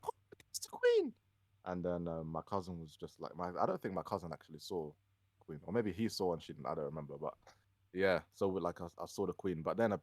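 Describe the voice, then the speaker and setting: A young man from the UK with a very low voice, talking casually and hesitantly on a podcast, full of "um" and "like." The recording is dry and close. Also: fairly bright tone, no echo. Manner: hesitant, lots of fillers, laughs as he tells a story. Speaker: podcast co-host. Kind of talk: casual chat.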